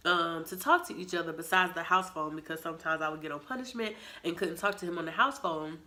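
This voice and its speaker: A young woman telling a story from her teen years to the camera, with a slightly low voice. She talks with a dramatic, animated flair, acting out lines and adding sound effects as she goes. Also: fast talker. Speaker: vlogger. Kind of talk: storytime vlog.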